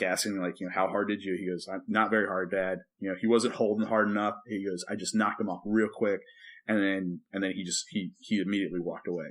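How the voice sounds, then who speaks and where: A man co-hosting a podcast, a preacher telling a story in casual chat and acting out the quotes as he goes. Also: fairly low pitch. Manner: animated storyteller who acts out quotes and sings movie lines.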